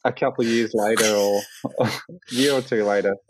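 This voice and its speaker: An Australian man, a hang glider pilot, telling a story as a guest in a casual interview, full of fillers and lively quoted voices. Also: on the low side, fairly quick, noisy background. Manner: rambling, many fillers, animated quoting.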